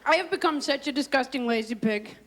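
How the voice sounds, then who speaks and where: A woman performing live stand-up comedy, riffing in a quick, quirky, self-mocking way and bantering with people in the audience. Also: sits high, expressive. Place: stage before a live audience. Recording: live audience laughter and noise.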